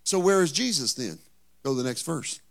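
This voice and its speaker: A male pastor preaching a sermon in a conversational tone, firing rhetorical questions at the congregation and building to loud, emphatic peaks. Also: on the high side, lively intonation, fairly quick, vocal fry.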